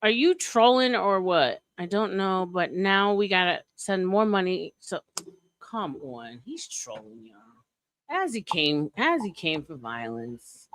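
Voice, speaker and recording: A woman's voice: lowish voice, lively intonation, a little slow, a bit bright. A woman hosting a casual group voice chat, teasing and laughing as she talks. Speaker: stream host.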